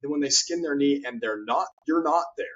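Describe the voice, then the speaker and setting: Man, interview guest, husky, earnest storyteller, repeats words, muffled lo-fi sound. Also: a little high, wildly swooping pitch, moderate pace, fairly bright tone. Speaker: guest author. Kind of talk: interview conversation.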